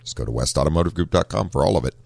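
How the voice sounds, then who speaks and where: A man's voice: a bass voice, expressive, racing, creaky, a little mellow, no echo. A man hosting a car-talk radio show, chatting folksily with lots of fillers. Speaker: radio show host, auto shop owner. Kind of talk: casual radio talk with a caller.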